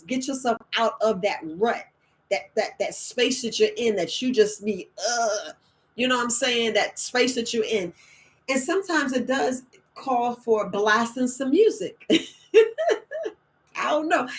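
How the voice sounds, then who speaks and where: Chatty, animated woman herbalist. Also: on the high side. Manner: animated, chatty, repeats herself, laughs often. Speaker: herbalist host. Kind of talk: casual live-stream talk.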